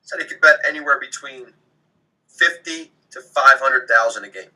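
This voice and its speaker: Matter-of-fact betting co-host, sharp tone, distant from the mic. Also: male voice, mid-range voice, moderate pace. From abroad, came to the US at ten. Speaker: co-host on a sports betting show.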